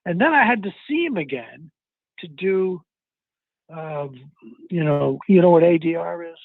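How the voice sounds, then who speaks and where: An older man, an actor being interviewed, telling anecdotes in an animated way and acting out the lines of people he quotes, with a husky, gravelly voice. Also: on the high side, unhurried, no room sound. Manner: animated, acts out quotes in retelling. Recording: dry, tinny phone-like sound.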